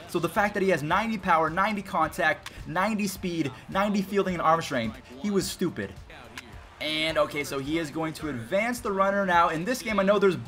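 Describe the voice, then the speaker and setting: A young man giving chatty, excitable commentary over his own baseball video game play. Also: sits high. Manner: excitable, chatty, quick reactions. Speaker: gaming YouTuber. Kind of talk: gameplay commentary.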